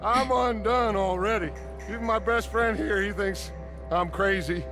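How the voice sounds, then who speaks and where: A silver-tongued outlaw gang leader from a western video game, smooth and theatrical with quiet menace. His voice sits high for a man, over game music in the background. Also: measured pace. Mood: mocking menace.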